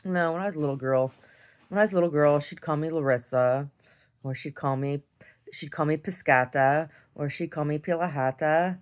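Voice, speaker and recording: Speaking at a normal speed in a low register, a woman recounts a lengthy tale for her casual video diary. Her telling wanders, she restarts sentences, and laughter keeps breaking in.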